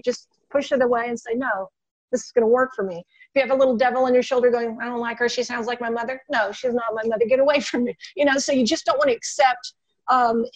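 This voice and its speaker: A woman's voice: a little high, poor audio. A woman hypnotist in casual teaching talk, telling stories animatedly and acting out her client's lines. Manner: animated storytelling, acts out client dialogue. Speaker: guest hypnotist.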